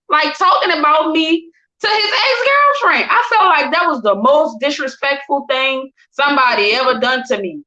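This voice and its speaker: A woman's voice: sits high, moderate pace. A woman telling a personal story with emotion, acting out what people said in shifting voices. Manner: animated, acts out quotes in different voices. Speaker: guest sharing her story. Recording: dull lo-fi recording.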